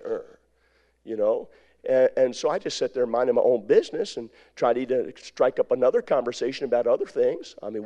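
An evangelist spins a homespun story as a sermon. His voice is dark and mellow at a middling pitch, and he rambles along, circling back with repeats and little asides. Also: lo-fi sound. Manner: folksy, rambling, with repetitions and asides.

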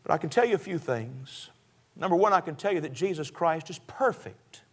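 A man's voice: a little high, animated, brisk, breathy edge. A man preaching a sermon in a church service, folksy and joking, often chuckling as he talks.

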